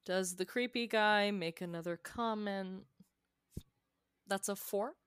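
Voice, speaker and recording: A woman's voice: mid-range voice, slow pace, clean tone, no echo, clean studio sound. A woman player in a tabletop game, talking in a playful, breezy way. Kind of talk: tabletop role-play.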